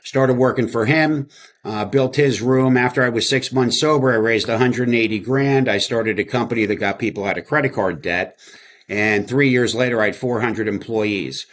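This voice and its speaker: A man's voice: mid-range voice, normal speed, slight background noise. Candid man rambling through his story. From New Jersey. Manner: rambling and candid, with many fillers and acted quotes. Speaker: interview guest. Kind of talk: casual storytelling.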